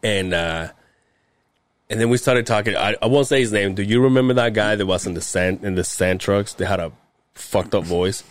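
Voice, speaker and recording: A man's voice: lowish voice, normal speed. A man co-hosting a podcast in casual chat, telling rambling work stories, swearing often and laughing. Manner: rambling storyteller, swears a lot, frequent fillers and laughs. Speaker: podcast co-host; heavy equipment operator.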